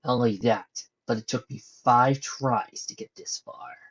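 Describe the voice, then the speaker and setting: Guy reading sneering evil scientist pony, husky and hushed, muffled lo-fi mic. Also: medium pitch, steady tone, measured pace. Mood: gloating. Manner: sneering, gleeful menace. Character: cruel gloating male mad scientist pony.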